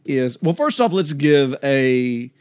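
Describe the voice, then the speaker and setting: Rambling middle-aged podcast co-host, dry sound. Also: male voice, medium pitch, sing-song, slow pace, darkish tone, smooth, dry recording. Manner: rambling, self-interrupting, laughs easily. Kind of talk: casual chat about Bible study.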